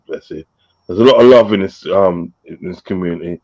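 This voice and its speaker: Reading viewer messages and shout-outs aloud with frequent laughs, this man hosts a relaxed live-stream chat. His low voice comes a little fast through lo-fi audio.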